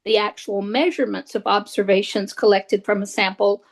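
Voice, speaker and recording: A woman's voice: medium pitch, steady tone, normal speed, vocal fry, low-quality recording. A woman giving a recorded statistics lecture, hesitant, with many fillers and restarts. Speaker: statistics instructor.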